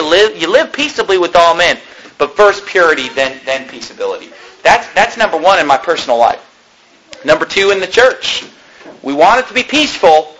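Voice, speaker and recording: A man preaching a sermon as pastor, emphatic and fervent, rising to shouts at points. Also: fairly high pitch, a little hiss or hum, low-quality recording.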